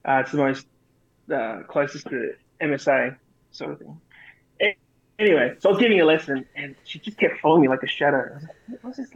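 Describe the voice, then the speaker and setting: A man's voice: on the high side, lively intonation, a little fast, breathy edge. An Australian man co-hosting a podcast, telling army stories in casual chat, swearing and laughing as he goes. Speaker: podcast co-host, army veteran. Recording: dull lo-fi sound.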